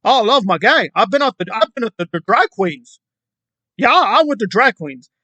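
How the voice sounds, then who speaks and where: A man mockingly voicing an insincere woman who gushes in a breathy high falsetto. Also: very animated, normal speed, bright, forceful tone, no echo, exaggerated voice. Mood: gushing.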